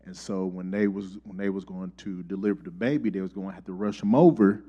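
A middle-aged man delivers a sermon in a mellow, relaxed voice, easing into folksy stories about family. He lifts his voice when he acts out conversations. The recording sounds slightly dull, like a lo-fi church capture. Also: sits low, a little fast, breathy edge. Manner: folksy storytelling, rising animated for quoted dialogue. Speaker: preacher.

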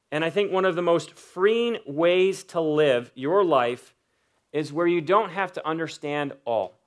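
A man preaching a sermon in an earnest way, often pausing on "uh" and building up to emphatic peaks. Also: a little high. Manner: voices imagined inner thoughts of a biblical figure. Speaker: pastor.

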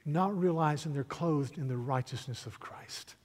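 A male preacher giving a sermon, reading aloud from a storybook with animated, soft asides. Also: on the high side, moderate pace, few pauses. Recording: echoey hall reverb.

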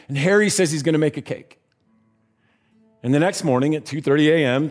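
A man preaching a sermon, telling a story in a conversational way and dropping his voice at tender moments. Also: fairly high pitch.

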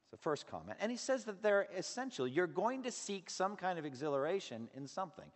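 A man preaching a sermon as pastor, earnest and emphatic, sometimes loud and sometimes dropping low. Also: big pitch swings, brisk. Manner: earnest, emphatic preaching with a wide range of loudness. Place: church sanctuary. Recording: long hall reverb.

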